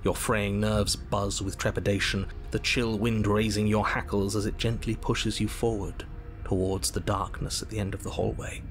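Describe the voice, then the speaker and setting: A man voicing the narrator and inner voices of a horror game, telling the scene in measured tones and slipping into anxious, bickering asides. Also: on the low side, little pitch movement, soft background music, lightly acted. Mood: ominous, measured. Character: calm, wry male narrator of a horror game.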